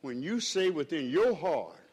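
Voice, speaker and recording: A man's voice: very animated, a little slow, a little mellow, husky. Impassioned preacher man, rising and falling. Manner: preaching with swells in pitch and volume, calls to the congregation. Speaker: pastor. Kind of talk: sermon.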